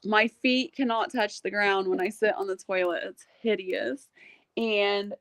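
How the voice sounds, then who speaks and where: A woman hosting a casual livestream, telling stories in a chatty, animated way and laughing often. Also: medium pitch, a little slow, dry recording. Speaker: livestream host.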